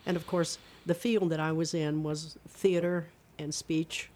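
An older woman from Eastern Kentucky with a regional accent, a retired speech and theater teacher telling stories in a relaxed interview and acting out voices as she goes. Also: deep voice, a little slow. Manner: animated storyteller, demonstrates voices. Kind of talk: casual interview chat.

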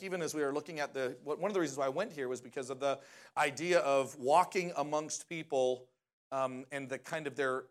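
A man preaching a conversational sermon in a lively way, often asking the audience questions. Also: mid-range voice.

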